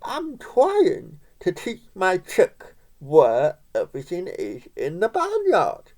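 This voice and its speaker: A reader voicing an indignant, fussy mother hen in a storybook, with a slow, shrill, huffy delivery. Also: wildly swooping pitch, darkish tone, full character voice. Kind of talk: storybook reading.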